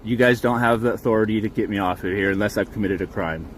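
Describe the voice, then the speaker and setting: Against a noisy background, a man with a lowish voice talks fast and fairly evenly while filming from his truck on his phone. He's a campground guest giving a heated, profane, rambling account of a dispute, and then he argues with officers.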